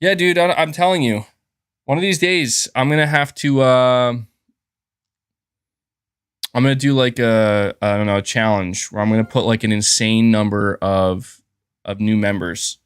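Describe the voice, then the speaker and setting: Male streamer, casual rambling host, mid pitch, slight sore throat, dry recording. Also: steady tone, unhurried, smooth, no room sound. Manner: rambling, chatty, thanks viewers for gifts. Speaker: gaming channel host. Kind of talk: casual livestream chat.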